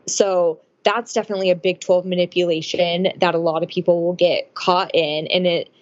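Woman guest, advocate, fairly low voice, casual, muffled audio. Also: a little fast. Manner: relaxed, uses lots of fillers like "like" and "um". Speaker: guest, domestic violence advocate. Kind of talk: casual interview chat.

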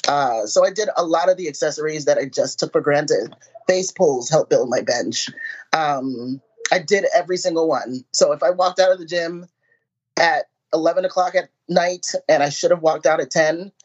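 A woman powerlifter talking in a casual interview, animated and self-mocking, laughing as she tells stories. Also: low-pitched, normal speed, husky. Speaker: powerlifter guest. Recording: muffled lo-fi audio.

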